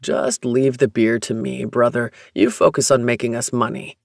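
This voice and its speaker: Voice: medium pitch, fairly even intonation, moderate pace, gravelly, dry recording, studio quality, pitched below the performer's own voice, natural voice. A narrator doing a snarky, cocky young man. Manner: teasing, snarky, defensive. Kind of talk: audiobook narration.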